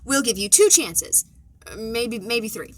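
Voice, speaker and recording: Lady doing a sly sharp-tongued dragon head, slow teasing drawl. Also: a little high, sing-song, slight background noise, pitched below the performer's own voice.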